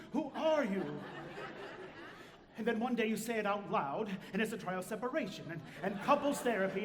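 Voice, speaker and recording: A high-voiced, rambling narrator, played by a man on a live stage, confiding in the crowd with wry asides. The sound is a big echoey theater hall heard from far off.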